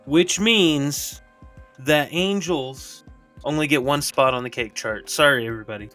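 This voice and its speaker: Male co-host, higher-pitched, quick quips, laughs along. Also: pushed and bright, soft background music. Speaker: podcast co-host. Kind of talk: casual chat.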